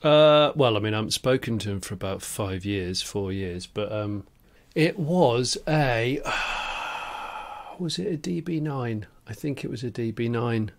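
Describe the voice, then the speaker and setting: A man's voice: mid-range voice, animated, measured pace, vocal fry. Dry-witted podcast man. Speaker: podcast co-host. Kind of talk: casual comedy chat.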